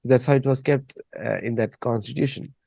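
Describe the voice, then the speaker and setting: A man's voice: medium pitch, steady tone, moderate pace, gravelly, warm tone, no echo. A man hosting a casual discussion, rambling and repeating words as he thinks. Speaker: host.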